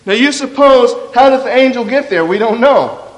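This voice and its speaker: A man preaches a sermon, his voice sitting high for a man. He speaks with fervor and drops low and soft when he voices a confession. The sound rings with the long reverb of a church hall. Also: lively intonation, normal speed.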